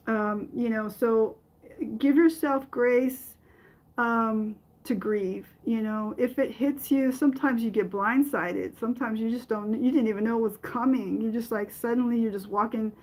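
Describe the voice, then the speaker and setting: A middle-aged woman hosting a podcast, telling a personal story in a halting way with many fillers and restarts. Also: fairly high pitch, darkish tone, low-quality recording. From from another country. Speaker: podcast host.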